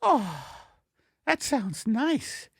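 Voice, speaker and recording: A man voicing Margaret, a fussy, scolding middle-aged wife, in a high falsetto in an improvised comedy sketch. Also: very animated, extremely slow, creaky, breathy edge, no room sound, exaggerated voice. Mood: bickering. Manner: shrill, scolding falsetto, bursts into shouting. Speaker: comedy podcast co-host.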